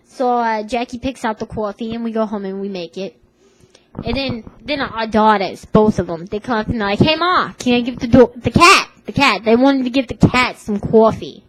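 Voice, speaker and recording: A woman's voice: fairly high pitch, moderate pace, poor audio. A young woman with a Brooklyn accent rambling through a comic story in a slangy, tough-talking manner. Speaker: comedic vlogger. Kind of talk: comedic character monologue.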